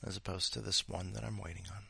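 A man's voice: sits low, little pitch movement, fast, vocal fry, sharp tone, breathy edge, dry recording. A man hosting a podcast, chatting casually with rambling asides and reading a listener's story cold. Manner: rambling, mumbly asides, talks to his dog. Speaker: podcast host.

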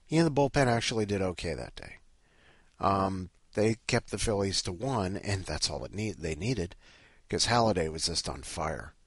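A man's voice: low voice, expressive, moderate pace, breathy edge, dry recording, studio quality. A man hosting a podcast, rambling casually with lots of swearing and self-mocking grumbles. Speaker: podcast host.

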